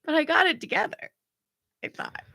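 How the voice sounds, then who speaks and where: Mom podcast co-host, bright voice, dry close sound, animated storyteller. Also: female voice, very high-pitched, moderate pace, gravelly, no echo. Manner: animated storytelling, acts out family members' voices, laughs often. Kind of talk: casual chat.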